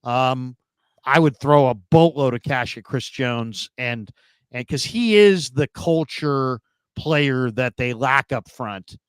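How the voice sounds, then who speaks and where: A man's voice: mid-range voice, takes it slowly, clear, resonant tone, no room sound. Opinionated man talking football. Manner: opinionated, thinking aloud with restarts. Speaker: sports podcast panelist. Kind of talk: casual sports talk.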